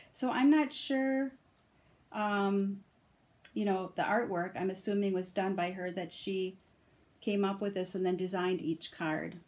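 A middle-aged woman in a casual video review, gushing over each card she turns up. Her voice sits at an ordinary pitch, and she laughs often while sharing her delight. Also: a little mellow. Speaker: vlogger reviewing oracle cards.

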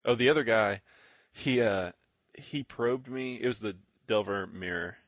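A young man with a low voice co-hosts a casual podcast and tells long, rambling stories. He acts out other people's lines in the middle of the story. The recording is dry and close to the mic, with no room sound. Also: measured pace, no echo. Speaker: podcast co-host. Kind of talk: casual chat.

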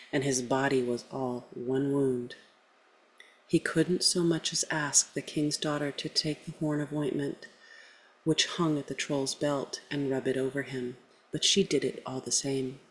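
A woman storyteller reading a folktale aloud in a measured way, letting her lines fall at the ends. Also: a bass voice, low-quality recording.

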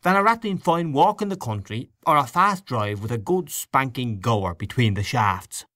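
Male reader putting on a bluff, hearty gent, a bit higher, animated. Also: a little fast, no echo, clean studio sound, exaggerated voice. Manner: hearty, stout. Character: hearty middle-aged gentleman, stout-voiced.

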